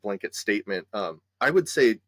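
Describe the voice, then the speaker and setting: A man speaking as a therapist guest in a conversational discussion, measured and hesitant, with many fillers. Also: on the low side, lively intonation, fairly bright tone, no room sound.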